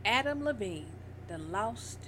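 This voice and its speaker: A woman's voice: mid-range voice, lively intonation, slow, bright, forceful tone, slight background noise. A woman with a rural Southern American twang, co-hosting a casual sports podcast in a teasing, drawling way. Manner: teasing, drawling, laughs easily. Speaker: podcast co-host. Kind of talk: casual chat.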